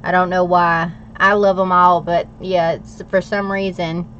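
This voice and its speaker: A woman's voice: lowish voice, level tone, a little slow, fairly bright tone, muffled recording, slight background noise. An American woman hosting a livestream, chatting casually with viewers and laughing often as she works. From United States. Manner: chatty, laughs often, talks while working. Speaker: planner livestream host. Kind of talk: casual chat with live viewers.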